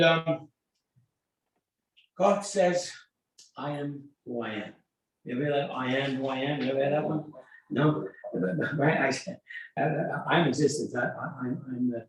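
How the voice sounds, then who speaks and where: Older man, rabbi, animated storytelling, slightly high voice, roomy echo. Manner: animated storytelling, acts out dialogue. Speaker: rabbi teaching a class. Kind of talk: informal Torah class. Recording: echoey room, mic at a distance.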